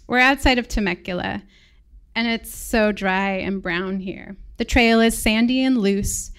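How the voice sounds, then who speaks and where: A woman with an American accent reads her own story aloud to a live audience. Her voice is smooth and clear at a middling pitch, and she tells it in a reflective, measured way. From England. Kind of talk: personal story read live on stage.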